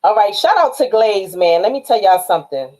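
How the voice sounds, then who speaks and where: A woman's voice: mid-range voice, lively intonation, a little fast, poor audio. Streetwise New York woman hosting a livestream. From Harlem, New York. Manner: shouts out viewers by name, streetwise and direct. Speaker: livestream host and author. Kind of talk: casual livestream chat.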